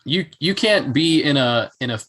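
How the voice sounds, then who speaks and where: A man's voice: medium pitch, expressive, moderate pace, fairly bright tone. A man co-hosting a podcast, mostly chiming in with short agreements during a story. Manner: brief agreeing backchannels. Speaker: podcast co-host. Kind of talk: casual chat.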